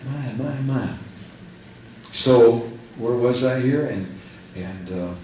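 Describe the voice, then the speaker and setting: A man preaching a rousing sermon in church, shouting rhetorical questions and acting out scripture. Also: medium pitch, slow, pauses often. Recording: echoey church from far off.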